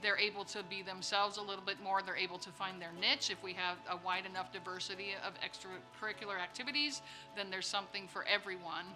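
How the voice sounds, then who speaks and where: A woman's voice: medium pitch, fairly even intonation, fast. Earnest, heartfelt woman, school staff, interview with music underneath. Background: background music.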